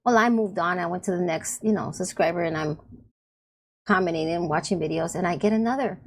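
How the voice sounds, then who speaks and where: A woman's voice: fairly low pitch, fairly quick. A woman YouTuber chatting casually about online friends, laughing often and rambling with restarts. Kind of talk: casual rambling chat to camera.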